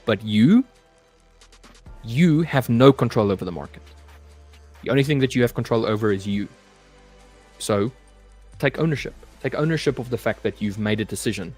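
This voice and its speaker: A man's voice: medium pitch, lively intonation, fairly quick, long pauses, a little mellow, faint music behind. Man hosting a trading live stream. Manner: reads viewer comments aloud and chats loosely, saying "mate" often. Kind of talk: casual live-stream chat with viewers.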